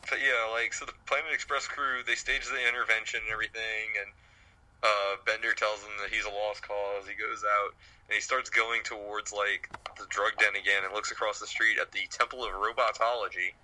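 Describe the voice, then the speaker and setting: Bright-toned man summarizing plot. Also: fairly low pitch, low-quality recording. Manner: steady plot summarizing with fillers. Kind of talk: casual episode recap chat.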